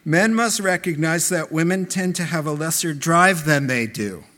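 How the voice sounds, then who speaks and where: A middle-aged male pastor preaching a sermon, telling stories in an animated, emphatic way. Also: fairly high pitch, normal speed.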